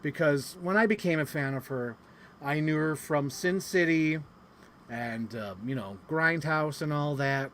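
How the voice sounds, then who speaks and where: A man telling a casual vlog story, animated and excitable, swearing freely and acting out what people said. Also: measured pace, a little hiss or hum. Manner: animated, swears freely, acts out quotes with big pitch jumps. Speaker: vlogger.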